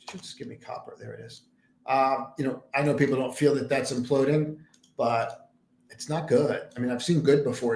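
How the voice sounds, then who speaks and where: A man hosts a casual trading livestream from his condo and walks through charts. His talk rambles but he leans hard on the points that matter, and he mutters asides to his screen. His voice sits at an ordinary pitch and bounces around an echoey room. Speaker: trading stream host. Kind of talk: casual market analysis livestream. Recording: roomy echo.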